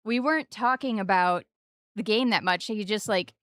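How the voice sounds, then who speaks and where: A woman in her forties chats casually on a game stream, close on the mic in a dry, deadened room. Her voice is smooth and clear, and she playfully leaps into high, sing-song stresses on the wrong syllables. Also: normal speed, a bit bright, no room sound. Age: 40s.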